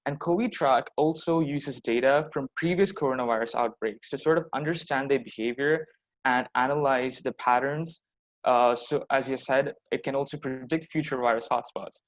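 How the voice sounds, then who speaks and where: A teenage boy giving a persuasive pitch presentation over a video call, often checking in with "all right?". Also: rough recording. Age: teens. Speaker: student presenter.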